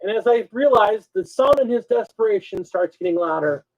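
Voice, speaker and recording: Animated man telling a story. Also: high voice, a little fast, dull audio. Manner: animated, swings between mutters and loud bursts. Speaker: co-host. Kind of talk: casual storytelling.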